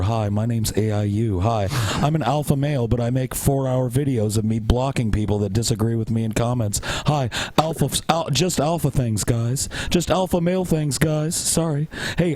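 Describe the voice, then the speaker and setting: A man's voice: medium pitch, a little mellow, dry recording. Sarcastic profane male podcast co-host. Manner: sarcastic, profane, mocking impressions. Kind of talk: casual mocking banter.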